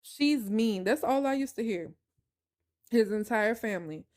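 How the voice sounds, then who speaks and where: A woman's voice: medium pitch, moderate pace. Emphatic woman telling a personal story. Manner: emphatic, animated, addresses listeners directly. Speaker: podcast host.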